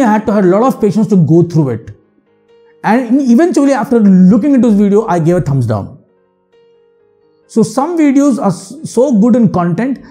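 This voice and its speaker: A man's voice: high-pitched, warm tone. A man from India with an Indian English accent, giving frank, earnest advice to other channel makers in a monologue. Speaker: YouTube channel host.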